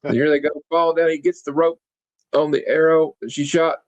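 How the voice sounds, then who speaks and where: A man's voice: a little high, fairly even intonation, brisk, muffled recording. Man reading a comic aloud, casually. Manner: casual, reads dialogue with playful voices. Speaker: comic book podcast host.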